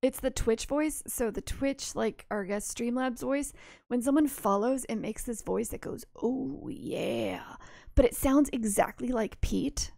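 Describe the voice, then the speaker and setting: Woman cohost chatting, a bit high, gravelly, dry close mic, giggles a lot. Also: a little slow, mellow, no echo. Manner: giggly, swears casually. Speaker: podcast co-host. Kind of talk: casual chat.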